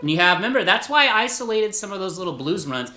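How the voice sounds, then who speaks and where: A man's voice: high voice, very animated, fast. Upbeat rambling male guitar teacher. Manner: rambling, upbeat, laughs at himself. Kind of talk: casual guitar lesson. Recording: roomy echo with guitar playing.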